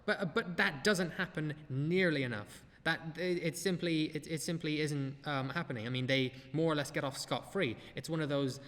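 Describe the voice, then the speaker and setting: A man's voice: a little high, moderate pace, few pauses, a bit bright, big-room sound. A man hosting a podcast, giving blunt, profane, sardonic commentary. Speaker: podcast host. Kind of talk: casual commentary.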